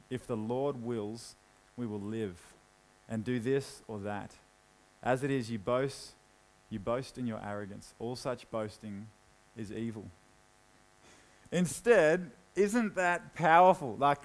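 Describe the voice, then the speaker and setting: A young man preaching a sermon in a casual, conversational way, dropping low and quiet when he reads scripture. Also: expressive, unhurried, rough recording. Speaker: pastor.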